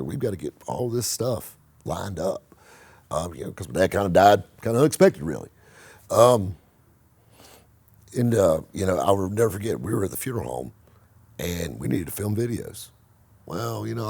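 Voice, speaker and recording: A man hosting his own channel, giving blunt, animated motivational talk to the camera and swearing freely. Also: low voice, vocal fry, slightly rough, dry recording. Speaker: car vlogger and host.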